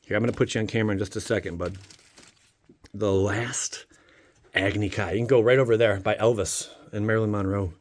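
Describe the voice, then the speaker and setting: A man with a lowish voice and fairly even intonation speaks a little quickly while opening card packs for his casual vlog. An adult father of a young child, he jokes playfully and addresses his viewers directly.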